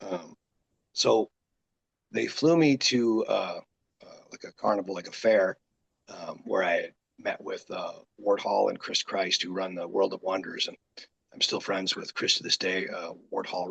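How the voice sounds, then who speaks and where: A man with a raspy, deep voice, a guest wrestler telling rambling stories in a casual interview. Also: measured pace, low-quality recording. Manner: rambling, animated, full of quoted asides.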